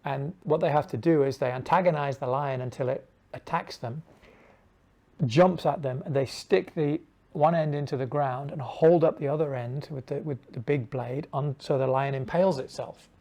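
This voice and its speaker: Middle-aged man, travel vlogger, casual storyteller who acts out dialogue in hushed asides, mid pitch. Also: moderate pace.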